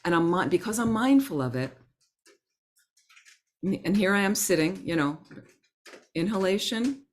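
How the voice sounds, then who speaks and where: A woman teaching a Buddhist class in a gentle, conversational way, acting out her inner thoughts as examples. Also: fairly low pitch, lively intonation, normal speed. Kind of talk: Dharma talk to a class.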